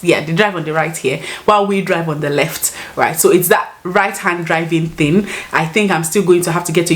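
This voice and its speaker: Young woman with a Nigerian accent, casual vlogger, talkative and easily amused. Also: on the low side. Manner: chatty, laughs often, rephrases mid-sentence. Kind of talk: casual chat to camera.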